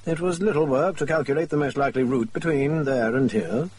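A man voicing a confident, brisk Victorian male detective who lectures on his deductions. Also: mid-range voice, darkish tone, natural voice. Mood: lecturing. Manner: crisp, lecturing, quick to explain his deductions.

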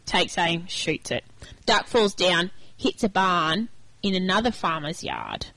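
A woman's voice: on the low side, slow pace, rough recording. A woman, co-hosting a radio show in casual chat and telling a long joke with character voices. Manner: chatty, tells jokes with lively character voices. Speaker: radio co-host.

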